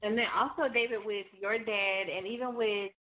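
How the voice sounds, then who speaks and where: A woman's voice: mid-range voice, fairly even intonation, normal speed. A woman co-hosting a radio talk show, speaking in a supportive, reflective way. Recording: tinny phone line.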